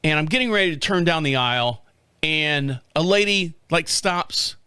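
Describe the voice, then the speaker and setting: A man's voice: a little high, expressive, normal speed, pushed and bright, smooth, no room sound, studio quality. A man in his fifties telling a rambling story in a casual monologue, acting out the other people's lines as he goes. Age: 50s. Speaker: podcast host.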